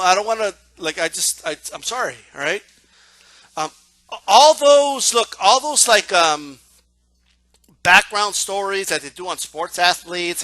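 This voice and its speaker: Mocking, high-pitched man ranting. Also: pushed and bright, no room sound. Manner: profane, mocking, repetitive, with sarcastic quoted asides. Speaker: boxing commentator. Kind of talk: casual ranting monologue.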